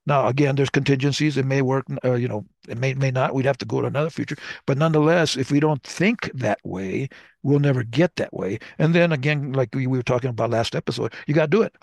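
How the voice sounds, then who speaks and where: Older male co-host, gravelly voice, dry close sound, anecdotal storyteller. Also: mid-range voice, fast, no echo. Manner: anecdotal, acts out dialogue. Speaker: podcast co-host. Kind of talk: casual conversation, storytelling.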